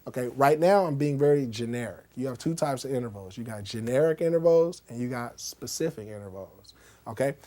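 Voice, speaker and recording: Brisk and warm, a medium-pitched man leads a casual music lesson in a conversational way. He plays on a keyboard to illustrate his points and frequently checks understanding with "okay?" and "right?".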